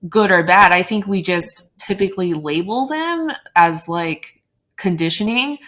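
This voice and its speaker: A woman hosting a podcast, talking about tarot in a reflective, measured way with frequent "like" and "you know". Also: on the low side, a bit bright. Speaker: podcast host. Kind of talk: casual spiritual conversation.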